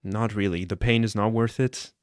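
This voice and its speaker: Give me an earnest, rambling man with a low voice on a dry mic, chatting casually on a live stream. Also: steady tone, normal speed, no room sound. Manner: earnest and rambling, often asks "you know what I'm saying?". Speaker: streamer reacting to a clip.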